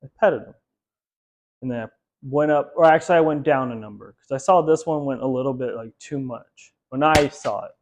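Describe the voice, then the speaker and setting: A man's voice: medium pitch, brisk. A man teaching a dog training lesson in a casual, chatty way, laughing often and using many fillers.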